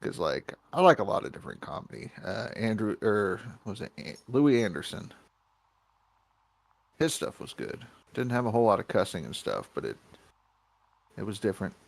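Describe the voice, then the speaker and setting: A man with a fairly low voice chats casually on a livestream. His pitch swings a lot as he gives opinions, and he quotes crude rhymes with a laugh. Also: sing-song, moderate pace, creaky, no room sound. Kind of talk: casual chat.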